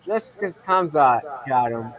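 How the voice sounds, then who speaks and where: A man's voice: fairly high pitch, expressive, a little slow, fairly bright tone, muffled recording. A man on a live stream who rambles through stories, full of "uh" and "like". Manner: rambling storyteller, heavy on "uh" and "like". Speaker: guest. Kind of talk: casual chat on a live stream.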